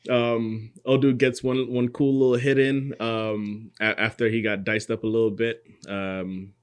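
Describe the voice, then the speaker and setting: Laid-back man with a lowish voice. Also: unhurried, clear, resonant tone. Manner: animated storyteller, acts out characters' lines. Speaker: podcast co-host. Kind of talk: casual chat recapping an anime episode.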